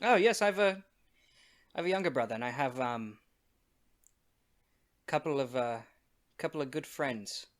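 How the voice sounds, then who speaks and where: Animated man playing his character. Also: medium pitch, moderate pace, pauses often. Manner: emotional, swings from shouting to quiet. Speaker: player. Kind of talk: in-character tabletop role-play.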